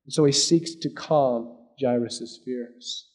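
A man preaching a sermon, swinging between loud emphasis and hushed asides. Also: medium pitch, slow pace. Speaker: pastor.

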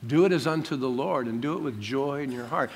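An older man, a pastor, preaching a sermon in an animated way, acting out quotes with jokey asides. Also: mid-range voice, a little fast, creaky, slightly rough.

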